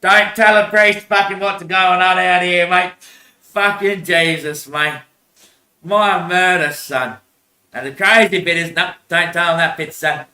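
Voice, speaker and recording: A man's voice: high-pitched, steady tone, a little slow, sharp tone, reverberant. A man in a rambling monologue, repeating himself, swearing and laughing often.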